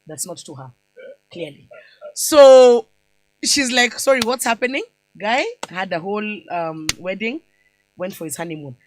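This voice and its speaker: Woman radio host, chatty and animated, dry studio mic. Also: fairly high pitch, no echo, rough recording. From Kenya. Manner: animated storyteller, mixing in Swahili and slang. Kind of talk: casual radio interview chat.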